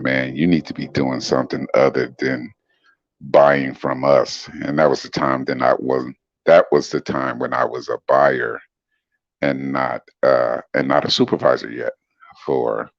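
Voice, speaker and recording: A middle-aged man with a very deep, smooth voice chatting casually on a livestream, laid-back and chuckling as he greets commenters by name. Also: dry recording. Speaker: livestream guest reading chat comments. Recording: dull dry lo-fi stream audio.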